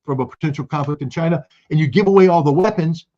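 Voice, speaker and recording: A man giving heated political commentary as a guest, forceful and indignant, often restarting his sentences. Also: a little high, fast talker, highs cut off.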